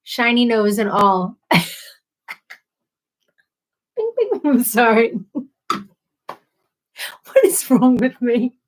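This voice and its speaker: A woman's voice: fairly high pitch, fairly even intonation, takes it slowly, pauses often, rough recording. Giggly, rambling woman streamer. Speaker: livestream host. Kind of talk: casual livestream chat.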